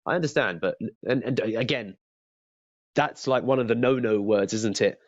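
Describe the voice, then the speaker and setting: A man's voice: mid-range voice, moderate pace, no room sound, highs cut off. A man as a sales trainer giving a casual, chatty lesson, often stumbling and repeating his words.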